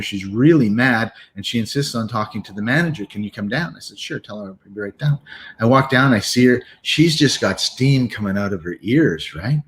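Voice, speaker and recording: A man co-hosting a casual business chat, telling stories and acting out what people say. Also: medium pitch. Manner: animated storyteller, acts out quotes.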